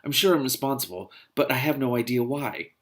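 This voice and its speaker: A man reading the lines of a cold, controlling rich young man in a clipped, measured way, close to his own voice. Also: medium pitch, a bit bright, close to an everyday voice.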